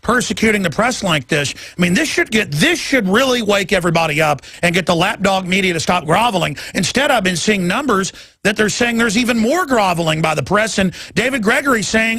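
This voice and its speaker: Male talk radio host, heated ranting delivery, raspy edge, dead-dry sound. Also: high-pitched, expressive, fairly quick, bright, forceful tone, no echo.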